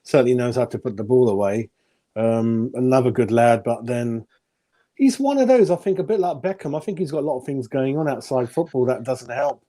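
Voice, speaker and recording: A man's voice: medium pitch, fairly quick, dark tone. A man giving blunt, opinionated football ratings in a casual podcast chat, chuckling at his own jokes. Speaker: football pundit.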